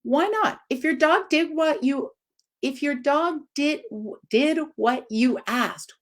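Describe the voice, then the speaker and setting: A woman in her forties, a dog trainer giving an informal live video talk, expressive and swinging up high for emphasis. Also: takes it slowly.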